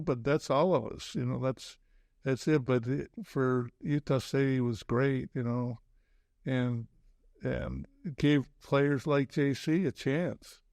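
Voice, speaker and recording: Casting: older man, gravelly voice, dry close mic, halting reflective interview guest. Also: medium pitch, a little mellow, no room sound. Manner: halting, many restarts and "you know". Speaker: podcast guest, former basketball coach. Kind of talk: casual interview chat.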